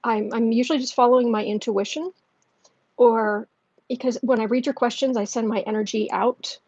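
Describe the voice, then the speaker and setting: A woman hosting a livestream as a tarot reader, chatting casually with many fillers and restarts, speaking softly and gently and sometimes dropping to a near whisper. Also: a little high, steady tone, normal speed, slightly rough, no room sound, highs cut off. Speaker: tarot reader and channel host.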